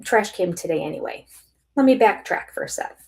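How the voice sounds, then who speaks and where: An older woman vlogging, chatty and animated, acting out both sides of phone calls with laughs and dropping to a near-whisper at times. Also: mid-range voice, a little fast, gravelly. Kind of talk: casual storytelling vlog.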